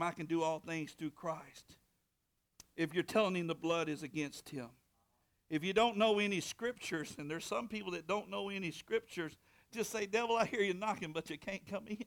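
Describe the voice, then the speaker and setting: Male pastor, high pitch, fervent call-and-response preaching. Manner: preaching with rising shouted bursts and call-and-response. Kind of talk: sermon.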